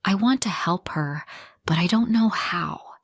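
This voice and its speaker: Woman, storyteller for learners, very slow pace, slightly low voice, dry close sound. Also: husky, no echo. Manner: plain, simple sentences, sorrowful first-person telling. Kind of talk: slow scripted narration for learners.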